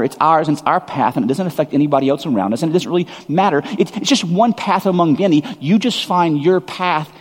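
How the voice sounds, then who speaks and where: A man preaching a sermon as a pastor, talking in a loose conversational way with many fillers, restarts and animated bursts. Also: on the high side, long reverb tail.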